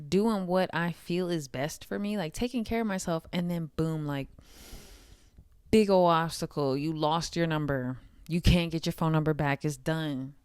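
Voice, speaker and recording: A woman chats candidly in a casual vlog, her speech full of fillers and loose asides. Her voice sits low and comes out smooth and clear, with slow, unhurried delivery. The sound is close and dry, with no room around it. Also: darkish tone, dry recording. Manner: chatty, candid, swears, laughs often, frequent "like" fillers. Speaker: vlogger. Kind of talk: casual talking-head vlog.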